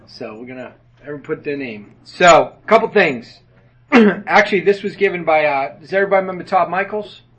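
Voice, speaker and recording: A man's voice: a little high, expressive, brisk, fairly bright tone, rough recording. A man leading a men's group meeting in a room with tables, talking in a folksy, joking way with many fillers. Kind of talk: casual meeting address.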